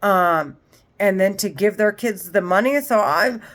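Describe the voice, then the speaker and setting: A woman's voice: medium pitch, expressive, unhurried. A woman in her forties delivering an unscripted monologue, a heated and profane rant that circles back on itself. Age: 40s. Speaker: vlogger.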